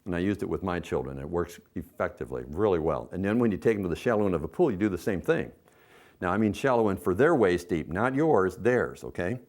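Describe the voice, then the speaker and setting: A man's voice: low voice, animated, fast, darkish tone. A middle-aged man, a swim instructor, giving folksy coaching tips in an instructional video. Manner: folksy, coaching, acts out a parent's sing-song counting.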